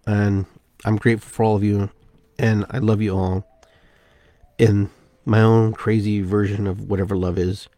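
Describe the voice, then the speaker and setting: A man hosting a spiritual podcast, talking in an unhurried, musing way and repeating phrases with shifting inflection. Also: lowish voice, level tone, mellow, dry recording. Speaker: podcast host. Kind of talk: reflective spiritual monologue.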